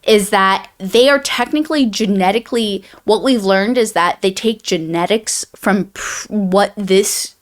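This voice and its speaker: A woman's voice: mid-range voice, measured pace, few pauses. A woman co-hosting a book review podcast, summarizing the plot in casual chat, rambling with many restarts and fillers.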